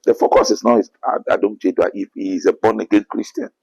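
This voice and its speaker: A man's voice: fairly low pitch, lively intonation, fast, vocal fry, a little mellow, highs cut off. A man with a Ghanaian accent, an apostle answering interview questions in an earnest preaching manner, often quoting scripture. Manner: earnest, quotes scripture, rising to emphatic bursts.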